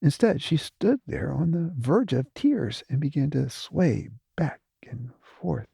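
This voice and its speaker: Male audiobook narrator; gravelly, lively delivery, dry close sound. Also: medium pitch, no room sound. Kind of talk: scripted narration.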